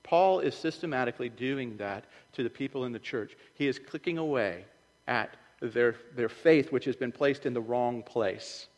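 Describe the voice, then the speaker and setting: A man's voice: mid-range voice, moderate pace, long reverb tail, poor audio. A man preaching a sermon as pastor, in a loose conversational way that acts out the voices he quotes. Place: church sanctuary.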